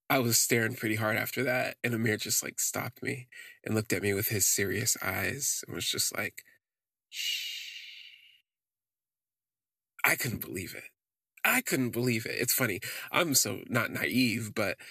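A man's voice: mid-range voice, bright, forceful tone, slightly rough, no echo, clean studio sound. A man hosting a podcast, telling a candid personal story in a rambling way full of "like" fillers. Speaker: podcast host.

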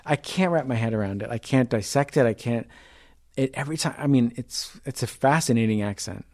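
A man, a comedian being interviewed, talking casually with many pauses and quick playful mimicry. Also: mid-range voice. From United States. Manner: relaxed, hesitant, fond of mimicking accents. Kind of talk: casual conversation.

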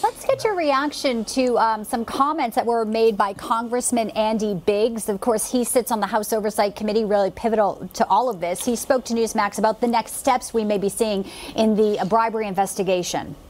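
A woman's voice: a little high, a little hiss or hum. A woman hosting a news interview, introducing a guest and asking questions. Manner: polished, measured. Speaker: news host.

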